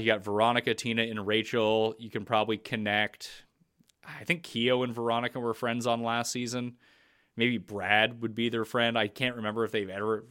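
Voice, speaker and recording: Blunt, opinionated podcast host. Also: male voice, lowish voice, sharp tone. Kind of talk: casual reality TV chat.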